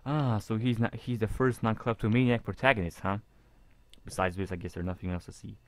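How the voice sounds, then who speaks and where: Low-voiced man reading a visual novel. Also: fairly even intonation, no room sound. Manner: chatty, halting, jokey asides. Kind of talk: casual game reading with commentary.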